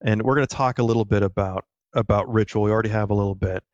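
A man co-hosting a casual literary discussion, explaining his points earnestly with quick restarts. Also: fairly low pitch, a little mellow, no room sound, dull audio. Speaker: podcast co-host.

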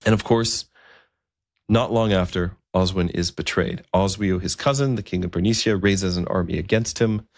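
In an unhurried, conversational way, a man tells a historical story, occasionally pausing on fillers. His very low, gravelly voice has a darkish tone and sounds close and dry, with no echo or room sound.

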